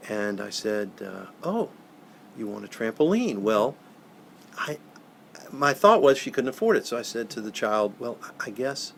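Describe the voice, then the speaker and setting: Older male guest, gravelly, earnest, halting interview storyteller. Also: fairly low pitch, very animated, fairly bright tone, slight background noise. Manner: earnest, halting, repeats words when moved. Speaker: professional Santa, guest.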